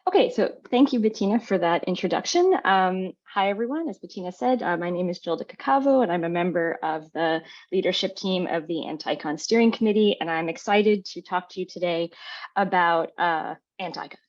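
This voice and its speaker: A woman marine biologist giving an online presentation in a measured, slightly formal way. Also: lowish voice, lively intonation, darkish tone, dull audio.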